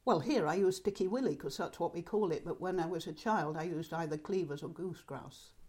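An older woman talks easily with an interviewer, spinning little stories and laughing along the way. Her voice sits a bit low and has a husky edge. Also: fairly quick, darkish tone. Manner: chatty storyteller, laughs often. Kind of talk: casual conversation. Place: home in Perthshire countryside.

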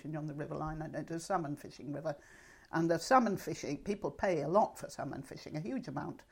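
A woman's voice: low voice, darkish tone, slightly rough. An older woman chatting in an interview, telling anecdotes and laughing often. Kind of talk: casual conversation. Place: home in Perthshire countryside.

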